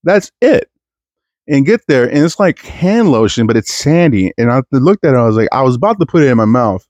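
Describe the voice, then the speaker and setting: Very animated and fairly quick, this young East Texas podcast host rambles through a crude comic monologue at his own expense, stumbling and restarting constantly. His medium-pitched voice is a little mellow, and the recording is dry.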